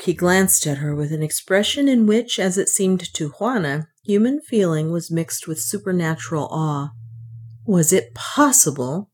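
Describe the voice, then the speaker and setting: A woman narrating a classic adventure novel in a measured, clear reading. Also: sits low, a little mellow. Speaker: audiobook narrator. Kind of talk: audiobook narration.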